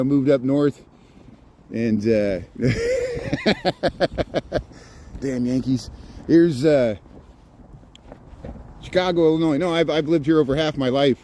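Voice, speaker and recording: A man's voice: a little high, darkish tone. A middle-aged man from rural Indiana with a Midwestern accent, rambling casually as a live streamer on a walk through a snowy park. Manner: rambling, chatty, chuckles often. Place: outdoors in a snowy city park.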